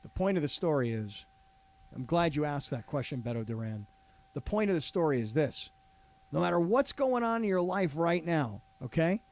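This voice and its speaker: Male radio co-host, animated storyteller, high and swooping delivery. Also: moderate pace. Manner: animated storytelling, quotes others in voices. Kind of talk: casual sports radio banter.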